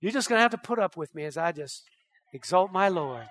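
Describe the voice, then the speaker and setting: A male pastor preaching a fervent sermon, firing rhetorical questions at the congregation and rising to loud declarations. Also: high voice, lively intonation, brisk.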